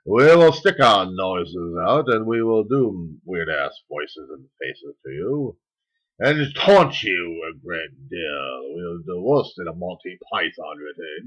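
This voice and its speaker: A man's voice: lowish voice, heavily acted, rough recording. A man voicing a pompous, ranting male political zealot in a satirical rant to camera. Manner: pompous, bombastic proclamations.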